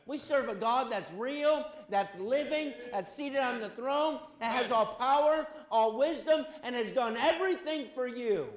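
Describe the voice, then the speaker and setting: A middle-aged male pastor preaches in a high voice. He swings between loud, fervent exhortation and quiet asides, and the sound rings around an echoey room. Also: animated, a little slow, few pauses. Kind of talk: sermon.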